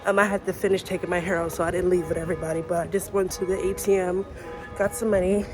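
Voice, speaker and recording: A woman's voice: fairly low pitch, fairly even intonation, quick pace. A young woman from the United States chatting casually into her phone while walking and shopping outdoors, rambling with lots of fillers. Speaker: vlogger. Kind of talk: casual travel vlog. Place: outdoors on city streets and markets. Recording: music playing underneath.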